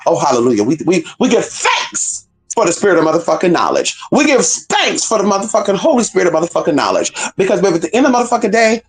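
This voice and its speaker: A spiritual teacher preaching on a stream, full of cursing and shouted call-outs, who slows down to read scripture aloud. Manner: call-and-response exclamations, heavy cursing, swoops between high cries and low asides; reads scripture slowly and drawn out. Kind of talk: freewheeling profane preaching.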